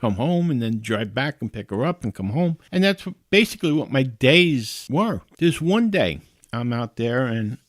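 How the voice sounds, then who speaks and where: A man's voice: mid-range voice, very animated, normal speed, no room sound, studio quality. A man hosting a podcast, telling a personal story in a casual, conversational way and chuckling now and then. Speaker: podcast host.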